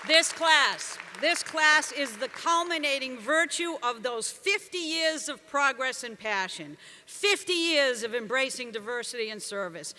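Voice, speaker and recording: High, bright woman in her sixties. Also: lively intonation, measured pace, hardly any pauses, slight background noise. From Boston area, USA. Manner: jokey, emphatic, rousing the crowd. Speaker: commencement speaker. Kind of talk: commencement speech. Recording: long reverb from a large venue.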